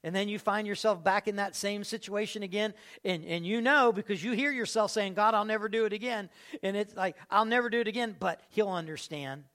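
Male pastor, high voice, animated sermon with big swings in volume, lots of rhetorical questions. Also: brisk. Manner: animated, swings between loud and hushed.

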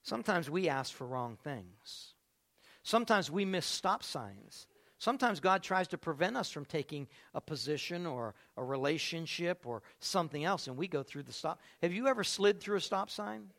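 A man preaching a lively sermon and calling out to listeners by name in a church. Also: a little high, normal speed. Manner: animated, calls on listeners by name. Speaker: pastor.

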